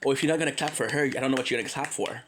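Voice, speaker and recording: A man's voice: mid-range voice, racing, a bit bright, low-quality recording. Quebecois guy streaming, medium voice, swears a lot and goes off on jokey tangents, faint hiss under the talk. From Quebec, Canada. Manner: joking, tangent-prone, swears freely. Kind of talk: rambling casual monologue.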